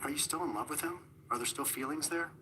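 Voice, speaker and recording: A man hosting a television show, asking steady, measured questions in an interview. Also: fairly high pitch, heavy background noise. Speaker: TV show host.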